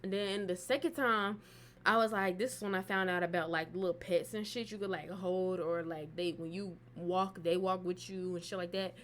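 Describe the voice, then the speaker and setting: A woman's voice: lowish voice, fairly even intonation, normal speed, a bit bright, slight background noise. A woman casually telling a personal story on her vlog, loose and profane, with plenty of fillers. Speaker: storytime vlogger.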